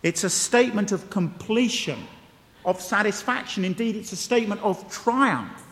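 A man's voice: high voice, expressive, moderate pace, fairly bright tone. A man preaching a sermon, conversational and emphatic, with wry asides and repeated key phrases. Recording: long reverb of a large hall.

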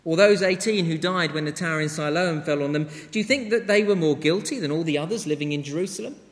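A man preaching a sermon to a congregation, earnest and measured, with emphatic pauses. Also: a little high. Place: church to an international congregation. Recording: long hall reverb.

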